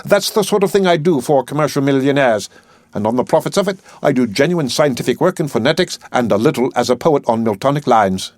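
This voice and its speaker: A man's voice: medium pitch, animated, brisk, a little mellow, dry recording, pitched above the performer's own voice, close to an everyday voice. A man reading an audiobook, voicing a brusque, arrogant male professor of phonetics who lectures and scolds emphatically. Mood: lecturing.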